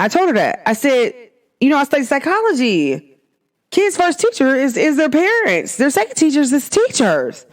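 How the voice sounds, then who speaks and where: A woman hosting her own podcast, talking in a casual, emphatic monologue full of rhetorical questions. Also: sits high. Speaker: podcast host.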